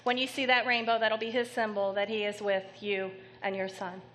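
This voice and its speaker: A woman psychic medium giving a live reading to an audience member in a theater, speaking gently and haltingly with many pauses. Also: mid-range voice, level tone, a little hiss or hum. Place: theater stage before an audience.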